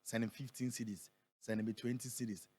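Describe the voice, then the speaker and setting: A Ghanaian man who is a prophet, speaking in a radio interview and reading scripture aloud, slowing down and building on the key words. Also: mid-range voice, steady tone, a little mellow, breathy edge. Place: radio studio.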